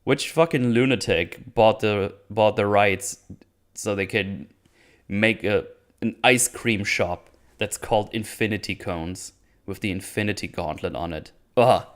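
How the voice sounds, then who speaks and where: A man's voice: lowish voice, a little slow. A man hosting a casual episode recap, blunt and sarcastic, swearing and restarting his sentences. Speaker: YouTube show host.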